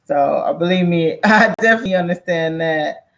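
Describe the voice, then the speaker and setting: Male co-host, high-pitched, chatty and friendly, muffled lo-fi audio, slightly off-mic. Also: normal speed, a bit bright. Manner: friendly, apologetic, reads out and answers viewer comments. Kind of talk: casual live-stream chat. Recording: dull lo-fi audio, a bit off-mic.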